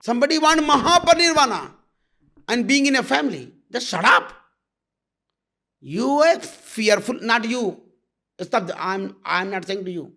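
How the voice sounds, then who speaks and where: A man's voice: extremely high pitch, animated, measured pace, long pauses, bright, forceful tone. A man giving a satsang talk as a spiritual teacher, blunt and intimate, calling listeners "my love".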